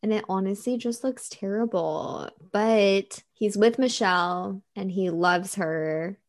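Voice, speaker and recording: A woman co-hosting a podcast, chatting animatedly about a reality show, quick to laugh. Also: medium pitch. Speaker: podcast co-host. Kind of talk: casual chat recapping a reality show.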